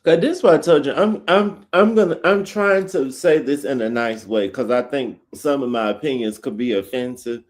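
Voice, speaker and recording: A man's voice: mid-range voice, normal speed, few pauses. A man co-hosting a podcast, giving blunt opinions in casual chat and mimicking others with mocking quotes. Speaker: podcast co-host.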